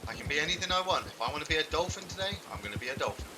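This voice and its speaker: A man's voice: fairly high pitch, lively intonation, rapid-fire. A man from England giving casual live commentary while playing a game, chatting, joking and swearing as he reacts. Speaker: game streamer. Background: game noise, hoofbeats and clicks.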